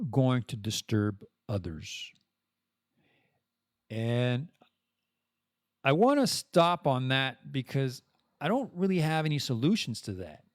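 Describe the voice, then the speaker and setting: A man from Canada hosting a casual podcast monologue, rambling and self-deprecating, with animated swings in his voice. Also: mid-range voice, no room sound, clean studio sound. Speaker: podcast host.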